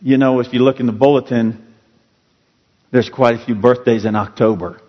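A man's voice: mid-range voice, fairly even intonation, moderate pace, in a large hall, dull audio. A male pastor preaching a sermon in a church, earnest and storytelling, leaning hard on key words. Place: church sanctuary.

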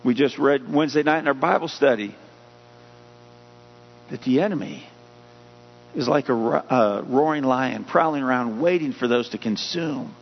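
A man's voice: medium pitch, normal speed, creaky, pauses often. A male pastor delivering a sermon, rising in emphasis as he reads scripture. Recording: dull hum-laden audio with long hall reverb.

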